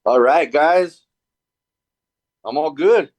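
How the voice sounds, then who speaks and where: A man appearing as a guest on a casual talk show, telling stories in a rambling, lively way. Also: fairly high pitch, very slow, no room sound, muffled recording. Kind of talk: casual chat.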